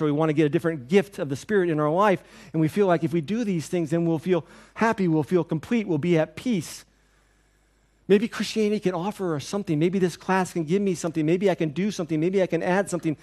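A pastor preaching a sermon in a church, with an earnest, repetitive cadence. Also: male voice, high-pitched, darkish tone.

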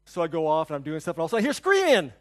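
A male pastor giving a conversational sermon, telling stories, asking the congregation questions, and swinging between soft and loud. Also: a little high, huge pitch swings, rapid-fire. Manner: storytelling, asks the congregation questions.

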